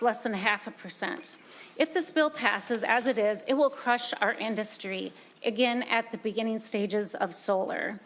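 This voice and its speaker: A woman from Minnesota, a small business owner, giving earnest, emphatic testimony before a legislative committee and repeating her key points. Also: fairly high pitch. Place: legislative hearing room.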